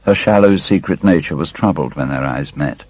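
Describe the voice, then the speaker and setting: A man reading an audiobook aloud, narrating in a measured, literary storytelling manner. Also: extremely low pitch, a little mellow, dry recording, low-quality recording. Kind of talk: scripted narration.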